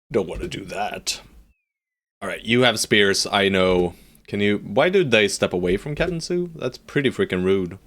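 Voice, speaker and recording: A man streaming live gameplay, joking and talking to his units with loud jumps on exclamations. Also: on the low side, expressive, moderate pace. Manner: playful, jokey, talks to his units.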